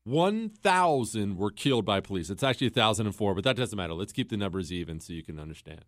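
A man's voice: on the low side, expressive, quick pace, no echo. Man ranting in a dry, close-miked monologue. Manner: storytelling with acted quotes, rhetorical questions. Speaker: political podcast host. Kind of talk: opinionated monologue.

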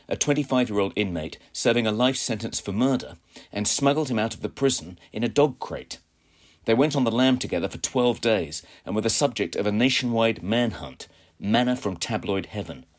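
Male reader for a first-person column, low-pitched voice, wry and matter-of-fact. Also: animated, normal speed.

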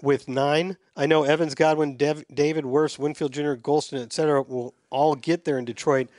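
A man's voice: on the high side, steady tone, moderate pace, a little mellow, no room sound, clean studio sound. A man hosting a casual sports podcast, chatting and reading listener emails aloud in a self-deprecating way.

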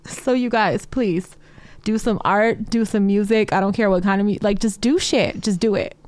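A woman co-hosting a podcast in casual chat, animated and quick to laugh, swearing freely. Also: mid-range voice, no room sound. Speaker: podcast co-host.

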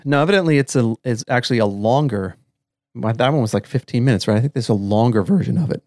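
A man's voice: medium pitch, fast, a little mellow, no room sound. Laid-back guy co-hosting a podcast, rambly with lots of ums, dry video call sound. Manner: easygoing, rambling, many fillers. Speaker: podcast co-host. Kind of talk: casual podcast chat.

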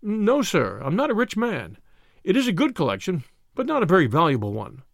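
A man putting on a fussy old gentleman collector, eager and easily flustered. The voice sits high and swings widely, with a gravelly edge, in a dry, close audiobook sound. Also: huge pitch swings, brisk, dry recording, heavily acted. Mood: fretful. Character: fussy elderly male collector, eager and anxious.

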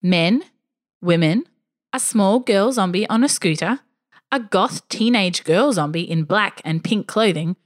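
A woman narrating a scripted first-person story with a dry, wry touch. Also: medium pitch. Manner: expressive, dryly wry first-person telling.

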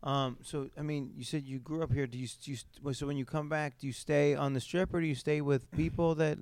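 A man hosting a podcast interview in a casual, halting way, often repeating words as he works out his questions. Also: on the high side, steady tone, darkish tone, clear, resonant tone, no echo. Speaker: podcast host.

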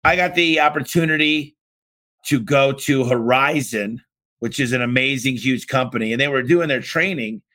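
A man's voice: medium pitch, sharp tone. A man hosting a podcast, answering listener questions with punchy, emphatic business advice and sudden exclamations. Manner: talks fast by his own account.

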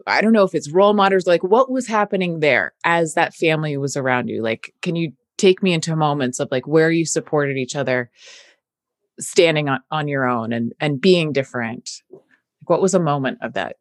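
A woman's voice: low-pitched, normal speed, no echo, studio quality. A woman interviewing guests and asking probing questions, often saying "like". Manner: probing, uses "like" a lot.

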